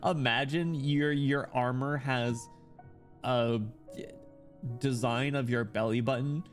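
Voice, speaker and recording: This man speaks slowly, with a steady tone at medium pitch, as he streams a game. He rambles casually, leans on fillers, and reads out game dialogue while faint music plays underneath.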